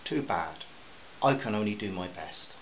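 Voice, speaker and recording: A man voicing a shy, kind young father who speaks softly and apologetically. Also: low-pitched, animated, normal speed, highs cut off, a little hiss or hum. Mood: defensive. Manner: soft, apologetic.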